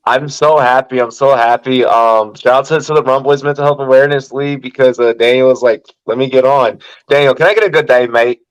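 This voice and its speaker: A man's voice: medium pitch, fairly even intonation, a little fast, hardly any pauses, clear, resonant tone, poor audio. Hyped-up man hosting a sports podcast. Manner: hyped, profane, hype-man announcing. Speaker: podcast host. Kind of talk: casual sports podcast chat.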